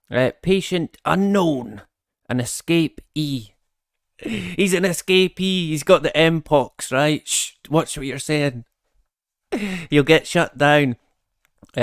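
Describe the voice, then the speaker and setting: A man hosts a live stream in an unhurried, easygoing way, greeting viewers by name and laughing often between his remarks. His voice is smooth and clear, with a dry, close sound and no room echo. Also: medium pitch. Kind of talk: casual live-stream chat.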